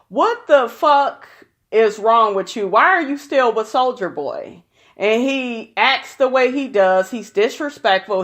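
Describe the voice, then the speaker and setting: A woman's voice: mid-range voice, fairly bright tone. A young woman vlogging casual reality-TV commentary, blunt, profane and sassy, calling her viewers honey.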